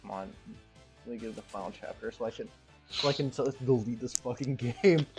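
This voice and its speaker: A man in casual chat while playing a game on stream, dry and quick to swear at it. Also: medium pitch, over music.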